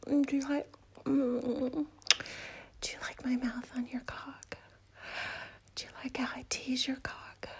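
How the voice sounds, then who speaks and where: A woman speaking in a whispered role-play, breathing her words softly and intimately between quiet murmurs. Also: high-pitched, level tone, slow pace, pauses often, slightly rough.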